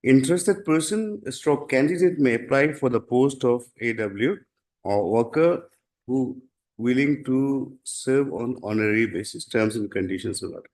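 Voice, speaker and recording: A man with an Indian English accent presents a formal courtroom submission to the bench. His voice sits at an ordinary middle pitch, and his delivery halts often, padded with fillers. He defers to the judge constantly, repeating "my lord.". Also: lively intonation, a little mellow. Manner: halting, deferential, repeats 'my lord' constantly. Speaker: litigant arguing his case in court.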